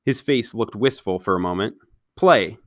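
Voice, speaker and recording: A man's voice: mid-range voice, lively intonation, fairly bright tone, no echo, clean studio sound. A man reading a children's novel aloud, stopping now and then to ask his listeners questions. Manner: pauses to question listeners directly. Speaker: read-aloud storyteller.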